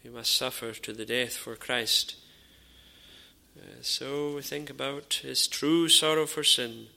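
Male preacher, gravelly voice, sharp bright tone, earnest measured delivery, pauses often. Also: medium pitch, steady tone. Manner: drops to a near whisper in dramatised dialogue. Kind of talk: sermon.

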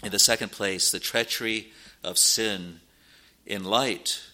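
A man's voice: fairly low pitch, steady tone, a little slow, sharp tone. A man preaching a sermon in a solemn, earnest manner, quoting scripture in old-fashioned wording. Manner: solemn, rising to urgent warnings.

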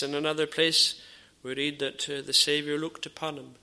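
Man delivering a sermon: slightly high voice, gravelly texture, earnest and measured with hesitations. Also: level tone, sharp tone. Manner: earnest, measured preaching with frequent "uh" pauses and repeated phrases; drops to a near whisper in dramatised dialogue. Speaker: preacher.

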